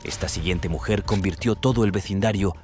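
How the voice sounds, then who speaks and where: Male narrator, very low voice, quick scripted true-crime read, loud music underneath.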